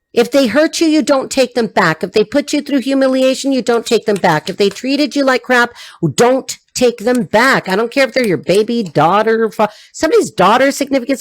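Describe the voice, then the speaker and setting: A woman giving an intuitive tarot reading to her audience, free-associating and repeating herself in a blunt, emphatic way. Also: fairly high pitch. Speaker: tarot reader.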